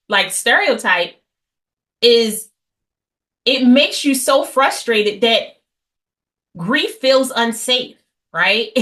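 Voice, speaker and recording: A woman's voice: on the high side, pushed and bright. A woman teaching a class on healing, speaking bluntly and with animation, with asides and mock voices. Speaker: class host on healing after infidelity. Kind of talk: lively lecture to an audience.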